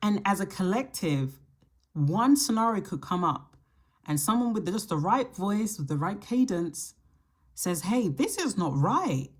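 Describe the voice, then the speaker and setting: A woman hosting her astrology channel, talking casually to camera and thinking aloud in a reflective way, with the odd soft laugh. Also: medium pitch, expressive, a little slow. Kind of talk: casual solo talk to camera.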